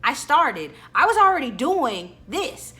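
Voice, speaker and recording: A young woman vlogger telling a story in a chatty, animated way with casual slang, then giving motivational advice. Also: sits high, measured pace.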